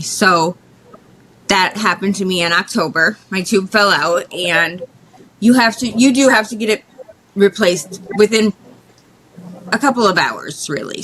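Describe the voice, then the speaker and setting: Low-voiced woman telling a personal story. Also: a bit bright, a little hiss or hum, low-quality recording. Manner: candid, emotional, halting with restarts. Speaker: guest. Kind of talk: casual interview storytelling.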